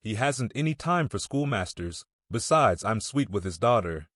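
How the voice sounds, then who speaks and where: A man reading an audiobook, voicing a calm, contemptuous young soldier. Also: lowish voice, normal speed, no room sound, clean studio sound. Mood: smug. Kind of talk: audiobook character voice.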